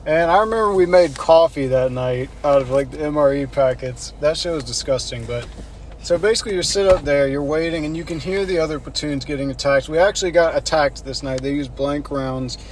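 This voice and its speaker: A man's voice: fairly high pitch, moderate pace, a little hiss or hum. A man casually recounting basic training stories, swearing freely and laughing. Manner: profane, laughing, relaxed storytelling. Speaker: army veteran telling stories. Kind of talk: casual storytelling chat.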